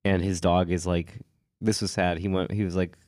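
Deep-voiced man with a cold. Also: moderate pace, dry recording, studio quality. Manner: relaxed storytelling with frequent "like" and laughs. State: has a cold. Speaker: podcast co-host. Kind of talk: casual chat.

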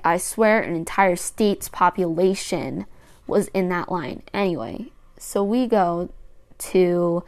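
A woman's voice: medium pitch, a little mellow, clean tone. Chatty young woman rambling a story. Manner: rambling and chatty, many fillers and restarts. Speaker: podcast host. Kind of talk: casual storytelling monologue.

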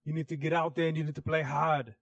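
A man's voice: on the high side, level tone, fast, gravelly, no room sound, dull audio. A man voicing a bossy male trainer who barks blunt, commanding orders.

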